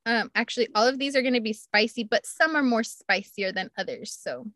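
A young woman co-hosting a podcast, chatting casually and reading stories aloud, giggly, excitable and swearing freely. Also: on the high side, fairly quick, no room sound. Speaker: podcast co-host.

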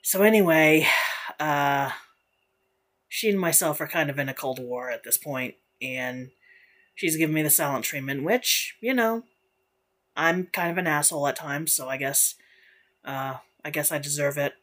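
A young woman with a low, fairly bright voice hosts a casual solo podcast at a normal pace. She rants bluntly, swears a lot, and laughs often.

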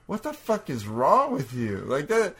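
A man's voice: fairly high pitch, wildly swooping pitch, measured pace, a bit bright, breathy edge. A man co-hosting a casual chat, goofy and joking around. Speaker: podcast co-host.

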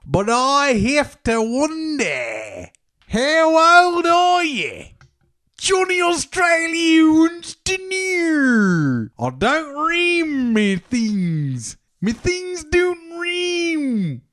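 A man voicing a boisterous Australian man who tells bungled limericks in a slow, exaggerated drawl. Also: very high voice, very animated, a bit bright, pitched above the performer's own voice, exaggerated voice. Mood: boastful.

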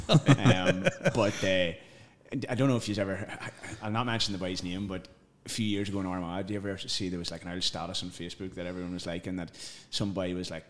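Low-voiced podcast lad. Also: male voice, fairly even intonation, fast talker. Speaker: podcast co-host. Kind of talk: casual chat, storytelling.

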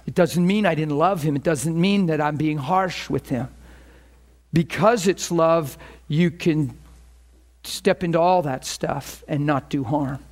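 A middle-aged man preaching, telling a story and acting out both sides of phone calls. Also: a little slow. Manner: animated, acts out phone calls with rising pitch. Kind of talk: storytelling sermon.

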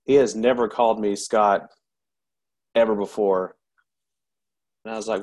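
A man, a military veteran, telling a painful personal story in an interview, halting and candid with many pauses and restarts. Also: fairly low pitch, flat delivery, darkish tone.

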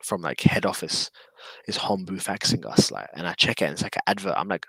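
A man with a London accent talks in a low, gravelly voice, easygoing and slangy as he rambles and repeats himself. His voice sounds close and dry, as a guest in a casual interview chat. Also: lively intonation, brisk, a bit bright, no room sound, poor audio. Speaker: guest, drifter.

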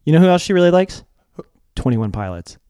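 A man's voice: fairly high pitch, brisk, clear, resonant tone, no echo, studio quality. A young man co-hosting a music video countdown in casual, joking chat, laughing often. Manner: lively, jokey, laughs often.

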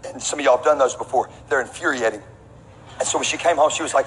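A middle-aged man preaching a sermon as pastor, an animated storyteller who throws asides to the congregation. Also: mid-range voice, fast talker. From Texas. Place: large church auditorium. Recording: long hall reverb with faint room noise.

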